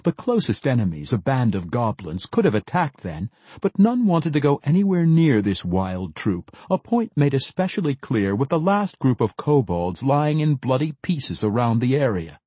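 Male audiobook narrator, mellow and husky, lively expressive delivery. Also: mid-range voice, normal speed, hardly any pauses, dry recording. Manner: expressive, dramatic storytelling. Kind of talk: scripted fantasy narration.

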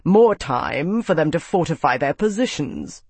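A man's voice: a little high, animated, measured pace, breathy edge, no room sound, heavily acted. A man reading an audiobook, voicing a stern, hawkish male senator who barks orders. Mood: commanding. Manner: forceful, barking orders. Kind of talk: audiobook character voice.

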